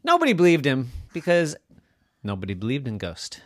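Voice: medium pitch, huge pitch swings, brisk, no echo, studio quality. A storyteller telling a playful, improvised bedtime story.

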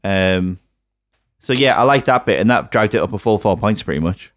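Low-voiced man, dry close sound. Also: normal speed, dry recording. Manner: animated, mocking, swings into silly put-on voices. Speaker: podcast co-host. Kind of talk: casual film review chat.

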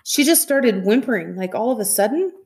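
A woman's voice: fairly high pitch, animated, brisk, a little mellow, voice pushed up. A woman reading aloud, voicing a distraught young boy who pleads and protests. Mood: pleading.

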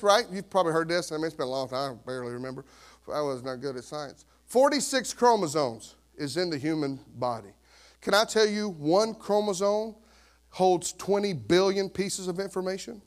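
High-voiced animated male preacher. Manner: animated, conversational, rhetorical questions. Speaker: pastor. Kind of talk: sermon.

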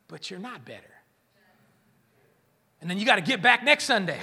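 Male pastor, bright husky voice, lively joking sermon delivery, long church reverb. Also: sits high, moderate pace, long pauses. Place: church hall.

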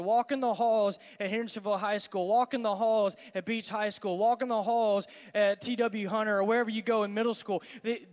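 A man, a student pastor giving an energetic, conversational youth sermon in a large church hall. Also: high-pitched. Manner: energetic, conversational, acts out dialogues. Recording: long hall reverb.

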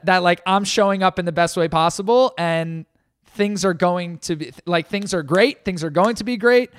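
Earnest high-voiced man, dry studio. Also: moderate pace, clear, resonant tone, no room sound. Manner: earnest, emphatic, repeats phrases for stress. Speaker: podcast co-host. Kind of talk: casual podcast talk.

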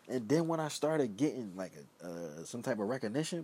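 A man's voice: mid-range voice, very animated, brisk, few pauses, darkish tone, breathy edge. A young man, hosting his own show in a loose, rambling solo talk that keeps trailing off into mumbled asides. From Philadelphia. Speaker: podcast host. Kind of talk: casual solo monologue.

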